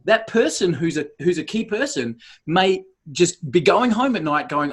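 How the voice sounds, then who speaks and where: A man's voice: sits high, sing-song, normal speed, fairly bright tone, breathy edge. A male podcast host thinking aloud and summing up his guest's points in a casual interview.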